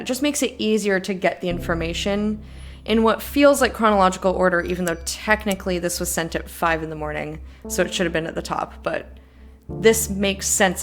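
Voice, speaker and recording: A young woman streaming a game, reading in-game emails aloud and adding chatty, giggly asides. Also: medium pitch. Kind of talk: let's play commentary, reading game text aloud.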